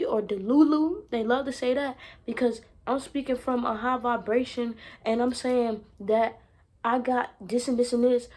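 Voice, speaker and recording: A young woman talks straight to her audience in a casual vlog, her voice sitting a little high. She is blunt and swears freely, hammering her points home by saying them twice. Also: a little mellow. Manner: emphatic, repeats herself for effect. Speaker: self-help vlogger. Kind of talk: casual monologue to camera.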